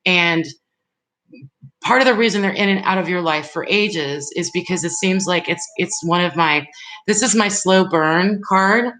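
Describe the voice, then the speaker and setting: Bright-voiced, reassuring woman tarot reader. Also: lowish voice, a little slow, rough recording. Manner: reassuring, speaks directly to viewers; loose and rambling, with restarts. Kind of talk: live tarot reading stream.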